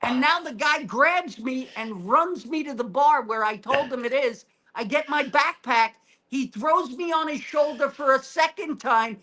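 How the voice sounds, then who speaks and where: A man telling a wild story as a guest comedian on a podcast, animated and profane, acting out his own shouting. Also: very high voice, a little slow. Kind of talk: storytelling in casual chat.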